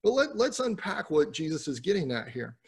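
Husky guy teaching scripture, kinda higher voice, earnest, lots of restarts. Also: sing-song, fairly quick. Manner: earnest, explanatory, frequent repeated words and restarts. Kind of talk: sermon-style Bible teaching.

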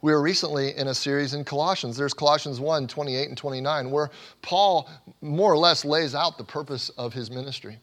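A man's voice: a little high, a little fast, fairly bright tone. A man preaching a sermon as a pastor, earnest and emphatic, building points through repeated phrases and frequent small restarts.

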